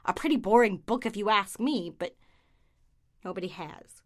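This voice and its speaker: A woman's voice: medium pitch, expressive, moderate pace, voice pushed down, natural voice. A woman doing a neurotic, rambling woman. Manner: rambling, self-pitying. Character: neurotic anxious woman, easily overwhelmed. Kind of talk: comic monologue.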